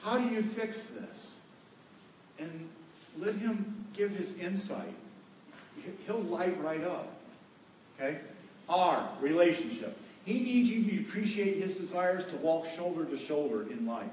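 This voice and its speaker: A man's voice: a little high, lively intonation, a little slow, a little mellow, recorded from a distance, slight background noise. A middle-aged man preaching a sermon on marriage as a folksy storyteller who jokes with his listeners and repeats key words. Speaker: pastor. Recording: echoey hall, voice from afar.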